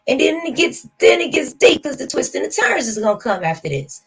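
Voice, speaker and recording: A woman's voice: sits high, very animated, fairly quick, slightly rough, low-quality recording. A woman hosting a reaction stream, talking casually and skeptically straight to her viewers. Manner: chatty, talks to viewers directly, skeptical. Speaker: reaction channel host. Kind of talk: casual commentary.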